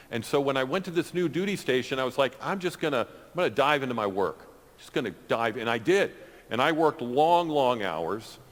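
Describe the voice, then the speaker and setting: A man in his sixties giving an unscripted personal testimony in church, talking conversationally with frequent fillers and restarts. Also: on the low side. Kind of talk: off-the-cuff spoken testimony. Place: church hall. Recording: long church-hall reverb.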